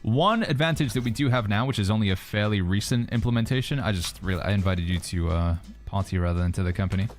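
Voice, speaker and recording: A man's voice: on the low side, fast, hardly any pauses, slight background noise. A man from the United Kingdom with a British accent that leans American, chatting casually on a game livestream, reading out and answering chat. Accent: British, mixed with American. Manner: relaxed, reads chat messages aloud and answers them. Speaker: streamer.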